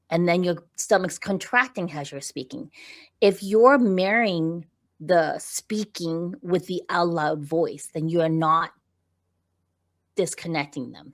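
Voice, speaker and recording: A woman with a low voice, appearing as a podcast guest and visibility coach, gives coaching on voice in a conversational interview. She is animated and explanatory, frequently checking in with "right?"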